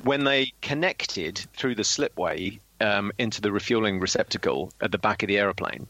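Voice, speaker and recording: Bright-voiced British ex-pilot telling stories. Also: male voice, on the low side, moderate pace, no room sound, poor audio. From Britain. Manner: anecdotal, full of filler ums. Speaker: former military pilot. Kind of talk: casual chat, storytelling.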